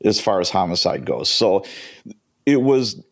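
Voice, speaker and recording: A man in his fifties, a retired police sergeant, telling stories as a guest in a casual interview, animated and quick to chuckle. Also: deep voice, no room sound, studio quality. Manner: lively anecdotal storyteller who chuckles often.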